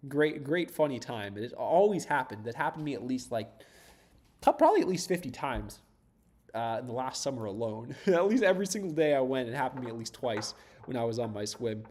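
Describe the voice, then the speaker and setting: This man, from south of Boston in the US, is a startup founder rambling chattily as he codes on a livestream. His medium-pitched voice is brisk, very animated and a little mellow; he laughs a lot and swears casually.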